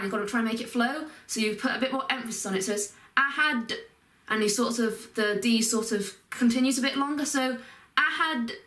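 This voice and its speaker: A Quran teacher gives a step-by-step recitation lesson, explaining patiently and carefully and drawing out example sounds. Her voice is a little high with a fairly bright tone. It's heard from a distance in an echoey room.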